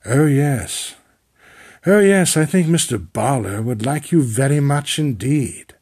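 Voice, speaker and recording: A man's voice: medium pitch, lively intonation, a little mellow, slightly rough. A man putting on a pompous British drawl. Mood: sinister. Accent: affected British. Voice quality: pompous, drawn-out.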